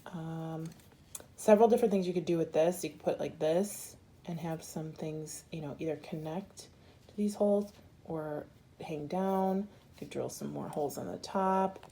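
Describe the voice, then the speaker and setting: A woman's voice: low voice, moderate pace, mellow. Giggly woman gushing over an unboxing. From Arizona. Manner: gushing, giggly, talks to viewers. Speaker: bead crafting vlogger. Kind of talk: casual unboxing chat.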